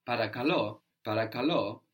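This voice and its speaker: A man's voice: mid-range voice, moderate pace. A man teaching a spoken language lesson, patiently prompting his student and repeating the answers back.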